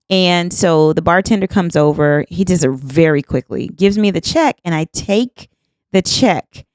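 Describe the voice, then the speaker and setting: A woman in her fifties hosts her podcast and tells a personal story with lively delivery, voicing both herself and the other person. Her voice sits a little low. The sound is dry and close, with no room echo. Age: 50s. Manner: animated, acts out both sides of the exchange. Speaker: podcast host. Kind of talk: storytelling monologue.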